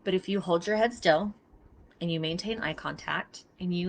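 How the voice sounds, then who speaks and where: A woman's voice: on the low side, moderate pace, noisy background. A middle-aged woman giving a casual live teaching talk, earnest and emphatic, speaking straight to her listeners. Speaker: body mapping teacher. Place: outdoors near traffic.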